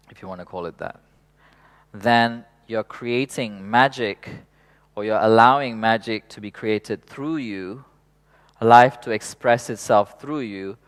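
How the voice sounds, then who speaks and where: A man leading a workshop in an unhurried, reflective way, laughing softly now and then and swearing casually. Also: lowish voice, smooth. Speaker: workshop facilitator.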